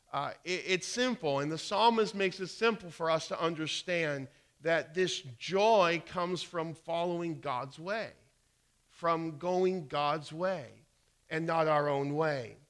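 A man's voice: a little high, a bit bright. A male pastor giving a conversational sermon, telling stories with frequent restarts.

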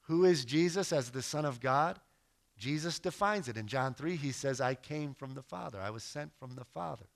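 A man's voice: medium pitch, normal speed, gravelly. A man giving an earnest teaching sermon as a missionary preacher, emphatic and storytelling. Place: lives in West Africa.

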